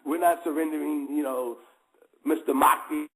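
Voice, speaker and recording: A man's voice: a little high, steady tone, moderate pace, background noise, voice pushed down, natural voice. A man putting on a sneering British army officer. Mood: scornful. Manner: laughing, dismissive, drawn out.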